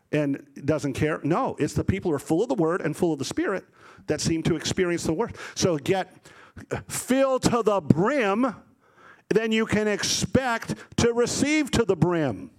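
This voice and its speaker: A middle-aged man preaching a sermon, animated and rising to loud emphasis, acting out voices as he tells stories. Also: high-pitched.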